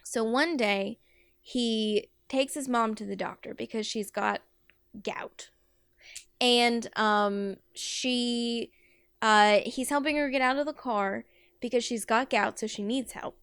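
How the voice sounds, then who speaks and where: A woman's voice: a little high, steady tone, takes it slowly, fairly bright tone, smooth, dry recording, clean studio sound. A woman podcast host telling a rambling comic story with lots of fillers. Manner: rambling, filler-heavy, giggly.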